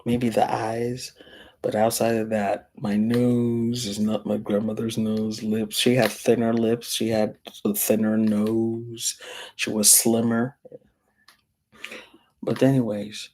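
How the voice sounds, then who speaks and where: A woman's voice: rumbling low, little pitch movement, slow, dark tone. A middle-aged woman from Africa teaching a class, telling a personal story and acting out the voices of the people in it. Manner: storytelling, acts out quoted voices.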